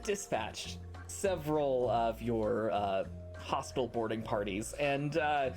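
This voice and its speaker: A man narrating as game master in a relaxed, rambling way. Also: medium pitch, slow pace. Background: music.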